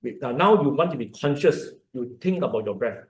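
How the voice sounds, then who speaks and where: A man of medium pitch speaks fairly quickly with lively intonation and a Malaysian English accent. Recorded in an echoey lecture hall, his informal health lecture has him explaining, repeating words and demonstrating breathing.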